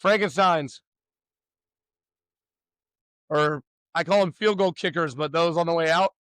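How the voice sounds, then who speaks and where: A man coaching young pitchers through a warm-up, loud and upbeat, teasing the players between drills. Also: a little slow, smooth, dry recording, studio quality.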